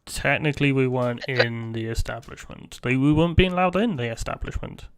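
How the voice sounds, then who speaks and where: A male player explaining things at a tabletop game in an easygoing, matter-of-fact way. His voice is mid-pitched. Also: fairly quick. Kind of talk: casual tabletop play, in character.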